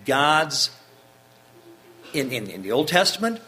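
A man preaching a Bible-teaching sermon, reading scripture aloud between stops to clear his throat and restart his sentences. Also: a little high, very animated, slow pace, bright, forceful tone.

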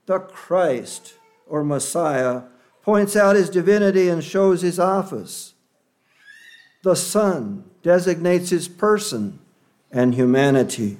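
A male preacher delivers a sermon at an unhurried, deliberate pace. His voice sits a little high for a man, and he speaks earnestly. He leans on key words to stress them. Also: lively intonation, darkish tone.

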